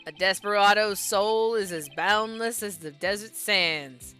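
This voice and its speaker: A woman voicing a drawling cowboy-style male police officer with a slow, theatrical Southern drawl. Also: mid-range voice, sharp tone, soft background music. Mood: laconic.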